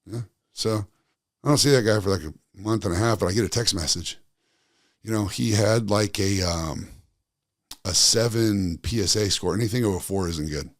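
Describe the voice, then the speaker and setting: A man's voice: fairly low pitch, moderate pace, no echo, clean studio sound. A man giving a blunt, casual monologue as a wellness coach, swearing freely and talking in a loose, conversational way.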